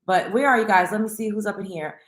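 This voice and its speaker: A woman's voice: medium pitch, fast talker, roomy sound. A woman hosting a casual livestream, talking chattily to her viewers. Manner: chatty, greets viewers by name. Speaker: livestream host.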